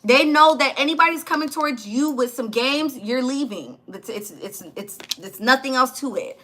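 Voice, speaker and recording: Bright, chatty woman reading tarot. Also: high voice, moderate pace, a little hiss or hum. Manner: blunt, chatty, swears and laughs often. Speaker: tarot reader. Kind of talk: casual tarot reading to camera.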